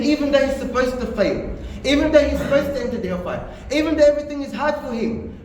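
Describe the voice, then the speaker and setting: High-voiced man preaching in an echoey hall. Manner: earnest, repeats phrases for emphasis. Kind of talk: sermon. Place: mosque hall. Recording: echoey hall, distant mic, faint noise.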